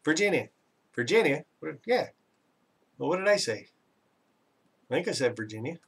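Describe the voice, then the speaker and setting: A Canadian man hosts a relaxed live chat, rambling along and poking fun at himself as he reads out viewers' comments. His voice sits at an ordinary middle pitch and is picked up from a little way back from the microphone. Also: moderate pace, gravelly, slightly rough, recorded from a distance. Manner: chatty and rambling, self-teasing, laughs often. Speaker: live stream host.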